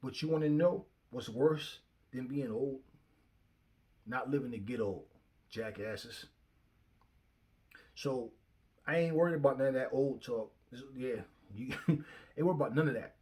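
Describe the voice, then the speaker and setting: A man's voice: mid-range voice, unhurried, pauses often, mellow. Profane, fiery young man ranting. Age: young adult. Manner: confrontational, profane, repeats himself. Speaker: channel host. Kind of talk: heated rant to camera. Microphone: phone facing him.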